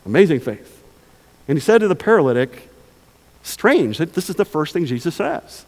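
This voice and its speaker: A pastor preaching a sermon in a lively, conversational way, asking the congregation rhetorical questions. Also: male voice, on the high side, moderate pace, pauses often, in a large hall.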